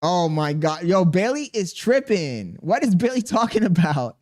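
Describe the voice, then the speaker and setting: Male streamer in his thirties, a touch high-pitched, reads chat and vents, defensive and exasperated. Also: big pitch swings, normal speed, a little mellow. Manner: exasperated, defensive venting with slang. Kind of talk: live-stream chat reading.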